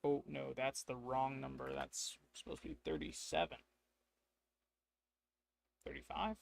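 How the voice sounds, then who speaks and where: A man's voice: mid-range voice, fairly even intonation, measured pace, vocal fry. A man streaming a solo tabletop game, narrating casually and thinking aloud to his chat.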